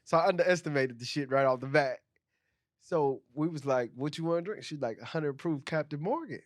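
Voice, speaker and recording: A man co-hosting a podcast, telling a story in casual, animated chat, laughing often and swearing freely. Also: on the high side, brisk, no room sound, clean studio sound. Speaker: podcast co-host.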